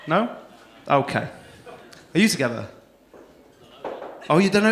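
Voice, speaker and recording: A male compere works the crowd at a comedy club with brash, sweary teasing. His voice sits high and bounces all over the place. The room around him rings with echo from the stage mic. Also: very animated, measured pace, long pauses, fairly bright tone, slight background noise. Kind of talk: crowd work at a stand-up gig.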